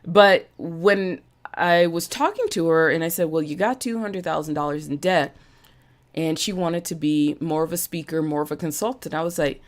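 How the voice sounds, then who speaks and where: A woman's voice: low-pitched, normal speed. A woman hosting a live-streamed motivational talk, emphatic and repeating phrases for emphasis, with an occasional cough. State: coughing now and then. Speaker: podcast host and business coach.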